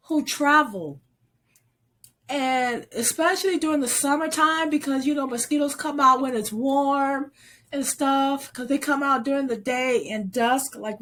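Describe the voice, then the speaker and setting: A woman vlogger who is sick and coughing, talking casually and haltingly through news, stumbling over place names. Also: sits high, fairly bright tone.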